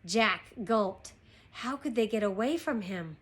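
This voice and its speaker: A woman teacher reading a chapter book aloud to her class, slow and expressive. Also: mid-range voice, husky. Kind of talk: storybook read-aloud.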